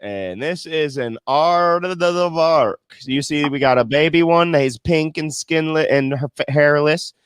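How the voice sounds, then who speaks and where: A man's voice: a little high, unhurried, few pauses, clean tone, dry recording. A man co-hosting a casual livestream chat, reading viewer comments aloud with loose, profane banter and frequent stumbles. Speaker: co-host.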